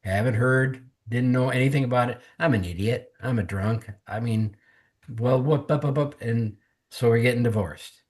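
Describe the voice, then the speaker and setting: Speaking at a normal speed in a mid-range voice, a man on a podcast earnestly recounts his personal testimony. He mimics others' words as he tells it, emotional and close to crying.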